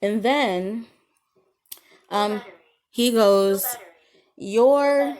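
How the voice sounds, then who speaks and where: A woman's voice: on the low side, moderate pace, darkish tone. A woman podcaster delivering a casual solo monologue, an indignant, rambling rant full of ums and swearing.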